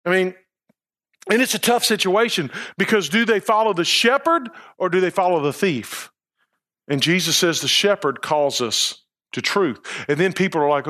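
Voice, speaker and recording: A man's voice: high-pitched, normal speed, a bit bright. A man preaching a sermon as pastor, emphatic, with repeated phrases and rhetorical questions.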